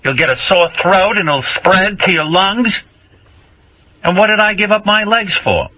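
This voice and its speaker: A man's voice: high voice, animated, unhurried, bright, forceful tone, no room sound, pitched above the performer's own voice, heavily acted, poor audio. A man playing a nagging, guilt-tripping older mother who acts like a martyr, whining and repeating the same complaints in a comic improvised bit. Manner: whiny, theatrical, repeats complaints.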